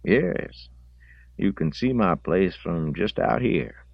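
Man narrator plays a tipsy, unhurried Southern farmer with a wry, dry drawl, recorded dry and slightly muffled. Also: sits low, expressive, vocal fry, no room sound, pitched above the performer's own voice, heavily acted. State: slightly drunk. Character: slow, contemplative, slightly drunk rural man.

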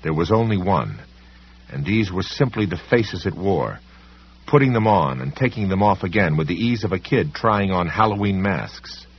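At normal speed, a man narrates an audiobook script in an animated, dramatic and varied way. His voice sits low and sounds husky, on a dull lo-fi recording.

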